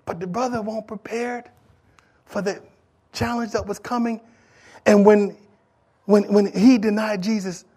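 A man preaching a sermon as pastor, swinging between loud, fervent stretches and hushed ones, asking the congregation questions and repeating words for emphasis. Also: high voice, moderate pace, slightly rough. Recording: audio recording of a live sermon.

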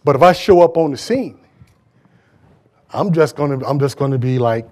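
A man's voice: a little high, moderate pace, long pauses, a little mellow. A man preaching a sermon in a church, emphatic and conversational, repeating words as he drives his points home. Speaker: pastor.

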